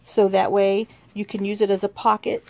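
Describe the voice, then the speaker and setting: A woman hosting a casual crafting tutorial. She thinks aloud in a rambling, chatty way and often drops into quiet muttering to herself as she works. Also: mid-range voice, level tone, normal speed, creaky. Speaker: crafting channel host.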